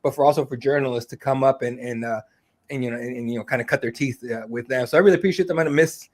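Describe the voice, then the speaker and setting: A man's voice: mid-range voice, very fast. A man telling rambling fight stories in a casual podcast chat, full of fillers and swearing. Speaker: MMA reporter, guest.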